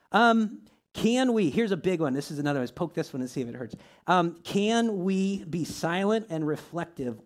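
Male pastor, conversational teaching style, frequent "right?" asides, slightly higher voice. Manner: conversational, asks many rhetorical questions; reads scripture aloud, shifts pitch and loudness often. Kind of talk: teaching to a small group.

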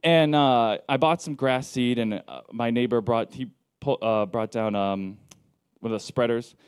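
A man's voice: medium pitch, measured pace, clear, resonant tone, no room sound, studio quality. Man preaching a joking, chatty sermon. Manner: casual, joking, storytelling delivery with lively quoted asides. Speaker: pastor.

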